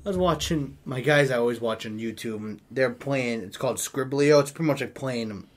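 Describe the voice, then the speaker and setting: A man with a mid-range voice chats casually at a normal speed. He's a giggly storyteller, laughing often as he tells funny stories and acting out what other people said.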